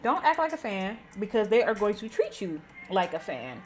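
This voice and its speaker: A Bay Area woman in her thirties, a vlogger, tells her viewers a story in a chatty, blunt, profane way. Her medium-pitched voice is very animated and moves at a moderate pace. Faint music plays behind her.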